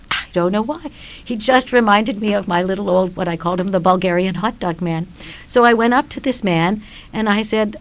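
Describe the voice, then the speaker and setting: An older woman, a radio guest, telling an earnest, reflective personal story in a spiritual conversation. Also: mid-range voice. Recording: dull lo-fi radio sound.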